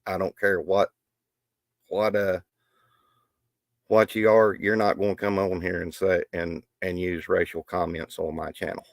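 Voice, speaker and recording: A man's voice: sits low, flat delivery, a little slow, vocal fry, long pauses, no room sound, studio quality. A middle-aged man hosting a live stream, talking in a rambling, folksy way with many restarts. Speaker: livestream host. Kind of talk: casual live stream talk.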